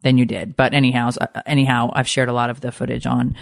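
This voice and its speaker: A woman in her forties co-hosting a casual podcast, telling stories in a lively, animated way. She swears freely and leaps up in pitch whenever she quotes herself or others. The sound is dry and close. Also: fast talker, vocal fry, no echo. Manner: animated storyteller, swears, jumps high for quoted lines. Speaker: podcast co-host. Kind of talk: casual chat.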